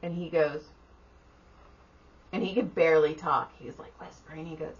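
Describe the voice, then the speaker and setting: Here the middle-aged co-host speaks in a deep voice at a normal speed, leaving long pauses. She's exhausted yet animated, giving a profane, casual account and imitating the people involved. Faint room noise sits under slightly dull audio.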